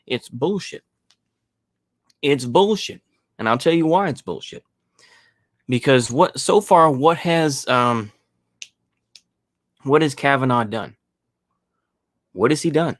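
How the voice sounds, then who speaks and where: A man's voice: fairly high pitch, lively intonation, unhurried, pauses often, no echo, clean studio sound. A man giving a casual opinion monologue as a podcast host, rambling with many fillers and restarts and sarcastic mocking asides.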